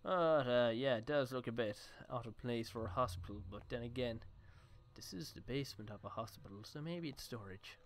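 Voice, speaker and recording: A man's voice: mid-range voice, moderate pace. A man casually joking and swearing as he thinks aloud while playing a horror game. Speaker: let's play gamer.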